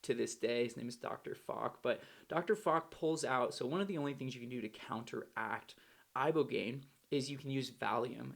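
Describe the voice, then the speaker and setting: A man's voice: medium pitch, gravelly. A man telling a candid first-person recovery story in a casual, slangy way. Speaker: storyteller recounting his recovery.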